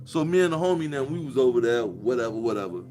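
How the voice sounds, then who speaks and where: A man's voice: mid-range voice, lively intonation, quick pace, mellow, soft background music. A man, delivering a profane, preachy monologue with a mocking edge. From Chicago. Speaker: commentator. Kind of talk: casual monologue.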